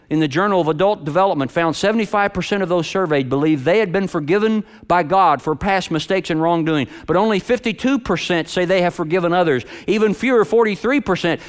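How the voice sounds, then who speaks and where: A man's voice: expressive, quick pace, clean tone. Dramatic, resonant-voiced male preacher. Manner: dramatic swings from high loud emphasis to low hushed delivery. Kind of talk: sermon.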